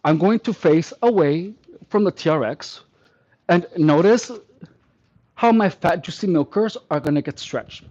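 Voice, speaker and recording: Speaking a little slowly in a somewhat high, slightly mellow voice, a male fitness trainer runs a workout with playful, tongue-in-cheek instructions. He tallies reps and compliments himself in mock-delicate fashion over a dull, lo-fi recording.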